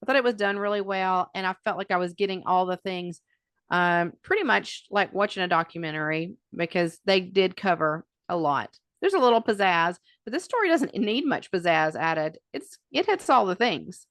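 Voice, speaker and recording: A woman's voice: fairly low pitch, animated, moderate pace, fairly bright tone, no room sound, clean studio sound. A woman co-hosting a podcast, chatting casually and thinking aloud with many fillers. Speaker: podcast co-host. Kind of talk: casual chat.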